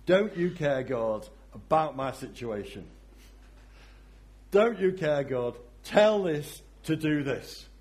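A man's voice: expressive, slow pace, darkish tone. A preacher voicing an overworked woman complaining to God in a raised, exasperated voice. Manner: high, pleading, exasperated complaints.

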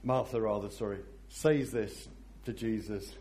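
A man preaching a sermon in a reflective way, often dropping to a soft voice for emphasis. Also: on the low side, a little slow.

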